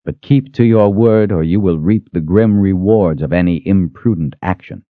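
A man voicing a defiant young male hero who wields magic, speaking forcefully and with measured threats. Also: deep voice, no echo, narrow, tinny audio, close to an everyday voice. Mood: commanding.

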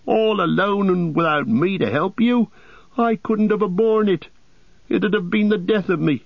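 A man's voice: high voice, measured pace, vocal fry, no echo, pitched above the performer's own voice, exaggerated voice. A man voicing a loyal, stubborn young male hobbit servant who pleads in earnest country speech. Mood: pleading. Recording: dull audiobook studio sound.

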